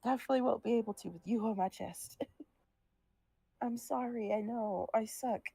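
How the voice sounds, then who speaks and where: A woman's voice: a little high, normal speed, vocal fry, warm tone, breathy edge, no room sound. A young woman chatting casually during a drawing stream, talking to her cat in a sing-song voice and a little short of breath as she recovers. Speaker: artist streaming a drawing session. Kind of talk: casual chat.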